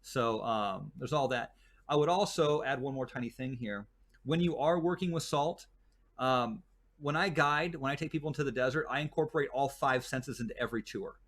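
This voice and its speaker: In a casual chat, a guest who leads desert tours rambles through his stories, with lots of fillers and fresh starts. He talks at normal speed, medium in pitch, with a fairly bright tone.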